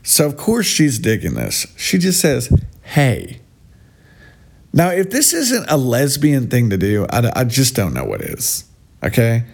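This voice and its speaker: A man's voice: medium pitch, wildly swooping pitch, creaky. A man giving sarcastic, mocking reaction commentary in a scornful tone. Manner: mocking, scornful, drawn-out delivery. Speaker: vlogger.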